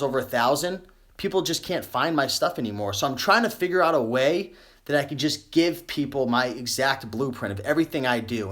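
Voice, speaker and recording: A man's voice: medium pitch, a bit bright. Guy going live, rambly, lots of ums, voice getting a bit worn out. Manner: rambling, many fillers and self-corrections. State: losing his voice. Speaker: online clothing reseller. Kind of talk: live-stream tips chat.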